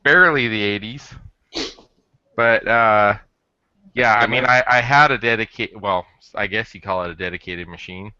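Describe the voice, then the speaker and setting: A man's voice: lowish voice, sharp tone, smooth, no room sound. Rambling man, dull dry call audio. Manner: rambling, halting with many restarts. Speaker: podcast co-host. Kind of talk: casual chat.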